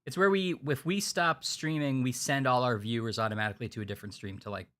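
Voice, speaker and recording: A man's voice: mid-range voice, fast, a bit bright. A man streaming a video game, chatting casually and rambling with restarts. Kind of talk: casual gameplay banter.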